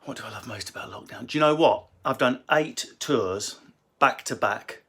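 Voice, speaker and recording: A man's voice: medium pitch, bright, forceful tone, slightly rough. Cheeky man doing a casual live Q&A. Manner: cheeky, crude, quick banter. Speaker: comedian answering viewer questions. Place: home library room.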